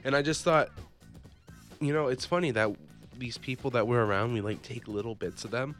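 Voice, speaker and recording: A young man hosting a casual radio chat, talking in a relaxed way with many fillers. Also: mid-range voice, moderate pace, faint music behind. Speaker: radio host.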